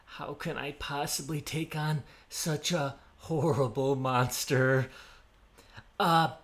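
A man voicing a boastful, cowardly but cunning male trickster in a storybook tale, bragging loudly and hesitating with filler sounds. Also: a little high, steady tone, slow pace. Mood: nervous scheming.

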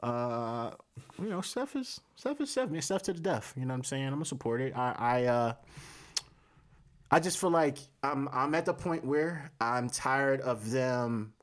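A man co-hosting a wrestling podcast in casual, animated chat, swearing freely and often asking "you know what I'm saying?". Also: mid-range voice, unhurried.

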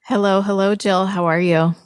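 A woman's voice: medium pitch, steady tone, normal speed, clean tone, no room sound, studio quality. A woman hosting a podcast interview, effusive and enthusiastic with her guest. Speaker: podcast host.

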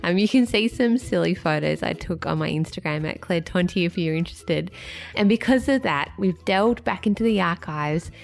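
Female podcast host, slight lisp, low gravelly voice, chatty. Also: animated, moderate pace. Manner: chatty, self-mocking. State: recovering from dental surgery. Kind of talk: casual podcast intro and chat.

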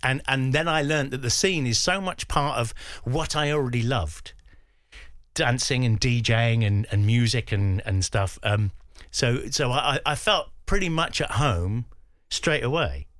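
A man's voice: medium pitch, measured pace, no room sound, studio quality. An English man in his fifties, a guest DJ reminiscing in a radio interview and acting out the voices he quotes. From England. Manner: animated storyteller who acts out quoted voices.

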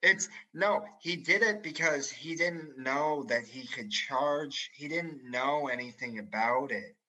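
Dude rambling thru a story, swearing, super bright tone, regular pitch. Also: male voice, slow pace, rough recording. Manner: rambling, swears a lot, laughs through stories. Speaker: storyteller co-host. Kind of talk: casual chat.

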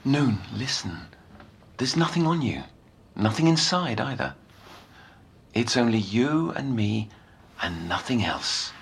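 A gravelly, calm counsellor. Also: male voice, medium pitch, slow pace, a little hiss or hum. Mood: firm reassurance. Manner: soft-spoken, firm, reassuring. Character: calm, probing male counsellor guiding a patient. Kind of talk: audio drama.

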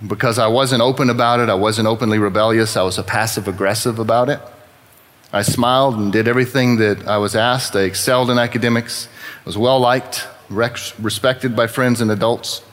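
A man's voice: mid-range voice, fairly even intonation, brisk, fairly bright tone. A man from Texas giving a sermon-style personal testimony in church, talking in a conversational, wry and self-deprecating way.

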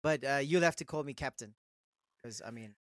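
A man's voice: mid-range voice, a little fast, no room sound, clean studio sound. A man co-hosting a podcast, joking around in casual chat. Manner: playful, jokey, lively delivery. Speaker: podcast co-host.

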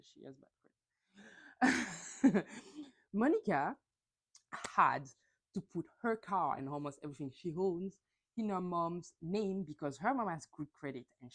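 A woman hosts a casual solo podcast, recapping in a chatty, gossipy way and swearing freely. Her voice sits fairly low but swings widely in pitch. She jumps into high, mocking voices whenever she acts out a quote. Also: lively intonation, measured pace. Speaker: podcast host.

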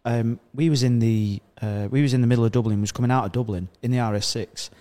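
A man's voice: medium pitch, fast talker, dark tone. A man hosting a podcast, chatty and eager in his reactions. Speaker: podcast host. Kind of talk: casual podcast chat.

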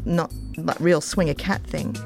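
A woman with an Australian accent and a low, gravelly voice, recounting her life as an interview guest. She talks in long, meandering stories full of ums and restarts. Soft music sits faintly behind her. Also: steady tone, a little slow. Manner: rambling, warm-hearted anecdotes with many ums. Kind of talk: casual interview storytelling.

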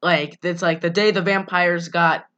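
A woman's voice: on the low side, fairly even intonation, a bit bright, lo-fi sound. A young woman co-hosting a podcast, chatting casually, giggling, swearing and acting out lines. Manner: giggly, swears, acts out lines in quick impressions. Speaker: podcast co-host. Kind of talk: casual chat recapping a story.

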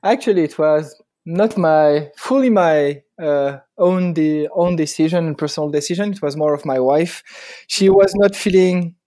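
French man, thirties, warm mellow voice, halting, searching for words, casual interview over a call. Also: on the high side. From France. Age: 30s. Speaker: guest wedding photographer.

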